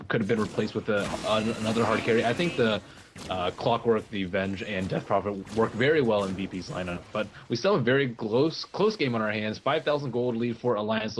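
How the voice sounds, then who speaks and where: A man's voice: lowish voice, slight background noise. A man co-commentating a live video game match, casually analysing the play, teasing his partner and filling his talk with "like" and restarts. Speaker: esports co-commentator.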